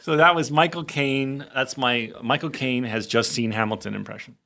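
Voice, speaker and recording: A man's voice: mid-range voice, steady tone, normal speed, gravelly, bright, forceful tone, a little hiss or hum. A man co-hosting a podcast, teasing his guests in casual banter and slipping into comic impressions. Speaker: podcast co-host.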